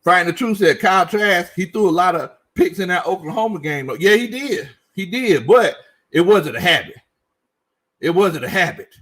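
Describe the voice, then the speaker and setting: A man hosts a loose sports talk stream, his voice pitched high and swinging widely up and down. He jokes as he goes and hammers his points home by repeating them, in a bright, forceful tone. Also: moderate pace. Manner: animated, joking, repeats himself for emphasis. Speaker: sports show host. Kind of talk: casual sports commentary livestream reading chat.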